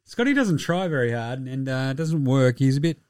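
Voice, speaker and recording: A young Australian man talks through a casual solo sports podcast in a mid-pitched voice, swearing freely and breaking into laughs between animated asides. The recording is dry and close, with no room sound. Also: normal speed, dry recording. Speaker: podcast host.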